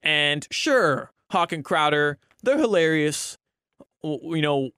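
A man's voice: on the high side, animated, slow, bright, forceful tone, clean tone, no room sound, clean studio sound. Chatty man co-hosting radio. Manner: rambling, many restarts and fillers. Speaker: radio show co-host and producer. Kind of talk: casual sports radio chat. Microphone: studio mic.

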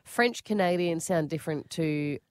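A woman's voice: deep voice, normal speed, a little mellow, clean tone. A woman with an Australian accent hosting a radio show, curious and teasing, firing off questions in casual banter. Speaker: radio host. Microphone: studio microphone.

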